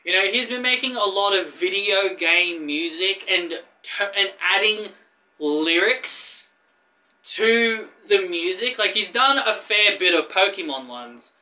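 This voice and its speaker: Excitable Australian man, bright voice. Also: high voice, measured pace, low-quality recording. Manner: rambling, excitable, laughs often. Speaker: streamer reacting to a video. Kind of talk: casual reaction commentary.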